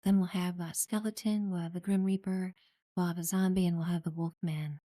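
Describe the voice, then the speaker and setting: A woman's voice: on the low side, fairly even intonation, brisk, no echo, clean studio sound. A woman streamer chatting casually during live gameplay, thanking new followers and talking about her community. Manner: friendly, thanks followers warmly, many fillers.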